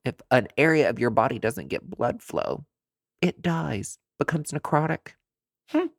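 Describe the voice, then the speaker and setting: A man's voice: mid-range voice, lively intonation, a little slow, vocal fry, slightly rough, dry recording, studio quality. Sassy, swooping male nurse ranting. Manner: sassy, profane, dramatic. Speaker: nurse injector. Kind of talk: ranting commentary to camera.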